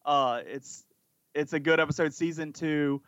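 A man's voice: on the high side, fairly even intonation, unhurried, a bit bright, clear, resonant tone, no echo, lo-fi sound. A man co-hosting a casual podcast chat, talking enthusiastically and rambling with frequent restarts. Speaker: podcast co-host.

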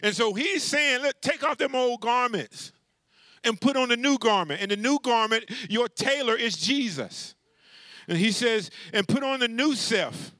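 Male pastor, high bright voice, conversational call-and-response sermon delivery, dry close sound. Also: no echo. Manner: animated, with many restarts and asides.

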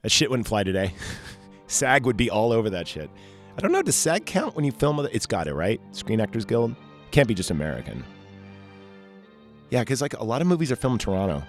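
A man's voice: mid-range voice, very animated, a little fast, long pauses, soft background music. A man hosting a podcast, talking casually and profanely about a movie, rambling and interrupting himself. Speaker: podcast host.

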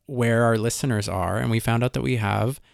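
A man's voice: medium pitch, a little fast, gravelly, dry recording, studio quality. A man co-hosting a podcast in a laid-back casual chat, with frequent fillers. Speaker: podcast co-host.

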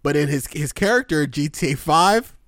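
A man co-hosting a podcast, telling stories in an excited casual chat with frequent swearing and laughter. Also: fairly high pitch, moderate pace, a little hiss or hum. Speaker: podcast co-host.

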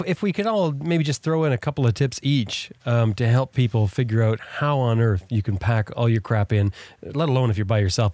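A man's voice: medium pitch, darkish tone, dry recording. A man hosts a casual group conversation and steers the talk with friendly teasing. His voice sounds dry, with no room around it. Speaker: podcast host. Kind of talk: casual group chat on a call.

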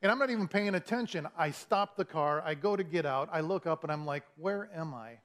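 A pastor delivers a storytelling sermon built around a funny personal story, acting out his own frustration in a self-mocking way. His voice is a little high and fairly bright, and he speaks a little fast.

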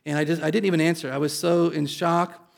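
With a somewhat high voice touched by vocal fry, an Indiana pastor tells an audience about something that happened to him. His delivery is quick, animated, and self-deprecating.

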